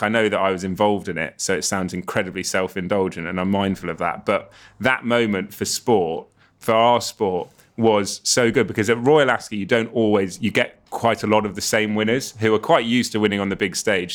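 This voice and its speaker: A man's voice: on the low side, a bit bright. A man, a racing presenter, telling long self-mocking stories in casual chat and laughing often.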